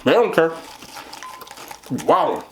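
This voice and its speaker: A man's voice: a little high, big pitch swings, extremely slow, fairly bright tone, faint music behind. Guy chatting on his eating show, rambly, voice bouncing all over. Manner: rambling, full of "like" and "you know". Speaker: mukbang host. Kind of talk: casual chat while eating.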